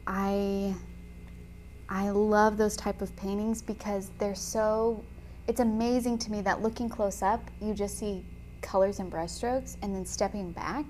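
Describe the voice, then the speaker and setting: A woman's voice: medium pitch, a little mellow, slight background noise. Chatty woman teaching watercolor. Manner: chatty and enthusiastic, frequent "um" fillers. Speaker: watercolor instructor. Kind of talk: casual tutorial chat while painting.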